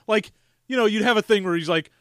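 A man's voice: high voice, fast, smooth, no room sound, clean studio sound. A man co-hosting a podcast in casual chat, exasperated and swearing, breaking into silly voices. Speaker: podcast co-host.

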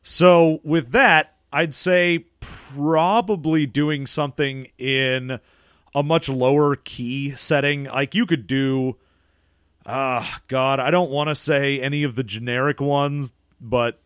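A man's voice: mid-range voice, steady tone, slow, a bit bright, clean tone, dry recording. A young man co-hosting a gaming podcast, talking in a dry, matter-of-fact, wry way. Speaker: podcast co-host. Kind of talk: casual chat.

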